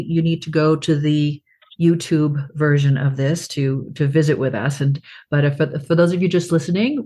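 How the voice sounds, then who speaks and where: A woman hosting a casual interview, speaking effusively and quickly correcting herself. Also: low voice, darkish tone. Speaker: host.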